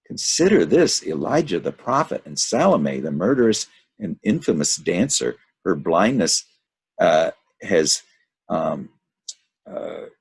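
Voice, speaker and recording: A man's voice: low voice, big pitch swings, slow, creaky, husky, full character voice. A man reading the lines of a frightened male traveler in the underworld, in an anxious, questioning manner.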